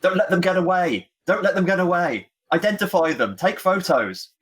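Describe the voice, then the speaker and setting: A man's voice: medium pitch, lively intonation, fairly quick, breathy edge. A man playing an elderly woman who collects butterflies, speaking in a grand, flowery way in a tabletop game. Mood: urgent.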